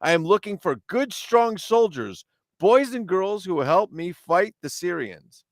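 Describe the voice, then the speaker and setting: Man putting on a raised-pitch proud commander, slow declaiming storybook delivery, rallying children to his army. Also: big pitch swings, no echo, studio quality, full character voice. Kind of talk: reading a children's card aloud in character.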